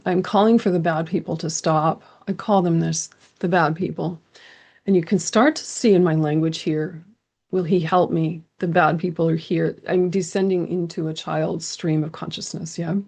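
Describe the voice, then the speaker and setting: A woman host reading from her journal and commenting on it in an intimate, earnest, sometimes halting way. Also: sits low, fairly even intonation, gravelly, a little mellow. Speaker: host sharing a personal account.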